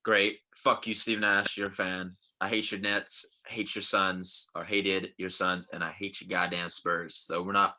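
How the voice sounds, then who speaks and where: A man hosting a podcast in casual chat, joking crudely and breaking into loud shouted bursts. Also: sits low, steady tone, moderate pace, few pauses. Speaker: podcast host.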